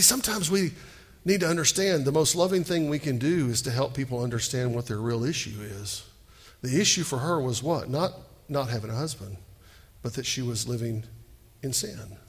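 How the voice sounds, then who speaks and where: Husky preacher with a drawl. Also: male voice, medium pitch. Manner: conversational preaching with rhetorical questions to the congregation. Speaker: pastor. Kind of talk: sermon. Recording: long reverb of a hall.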